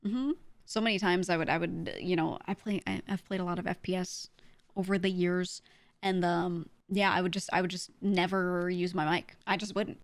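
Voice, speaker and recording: Young woman streaming, chatty and animated, keeps laughing, dry close mic. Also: on the low side, moderate pace, no echo. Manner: animated, laughs often, acts out quoted voices. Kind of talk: casual chat with stream viewers.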